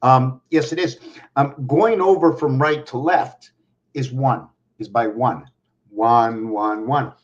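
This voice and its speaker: A man vlogging from home, talking in a meandering monologue full of pauses and restarts. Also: mid-range voice. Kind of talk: rambling monologue to camera. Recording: dull lo-fi recording.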